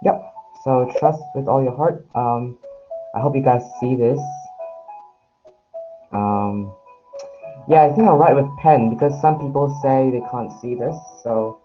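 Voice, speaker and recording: A man's voice: mid-range voice, a little slow, long pauses, muffled recording, soft background music. A man leading a live online calligraphy workshop, talking viewers through his process in a friendly, hesitant way full of fillers and restarts, into a handheld phone mic. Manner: friendly, addresses viewers directly. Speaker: calligraphy instructor.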